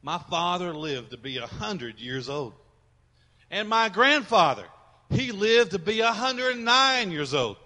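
A man's voice: high-pitched, sing-song, measured pace, sharp tone, in a large hall, full character voice. A man voicing a dry, unbothered older man on a park bench, speaking matter-of-factly.

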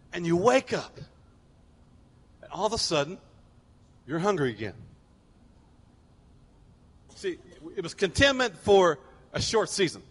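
A pastor preaching a sermon, telling stories animatedly and acting out people's voices. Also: male voice, high voice, fairly bright tone, in a large hall.

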